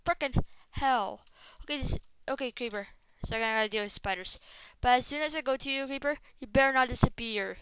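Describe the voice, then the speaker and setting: A woman commenting on her game with a higher, very clear and bright voice, speaking slowly and then breaking into frustrated yelling. The sound is close and dry, with no room around it. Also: dry recording. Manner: excitable, bursts into frustrated shouting; talks straight to viewers as "guys". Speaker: gaming commentator.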